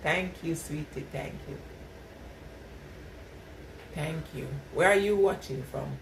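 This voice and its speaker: A woman's voice: deep voice, takes it slowly, creaky. A middle-aged woman with a Jamaican patois accent, chatting casually with live viewers and laughing often. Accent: Jamaican patois mix. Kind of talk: casual live-stream chat. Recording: echoey, distant mic with loud background noise.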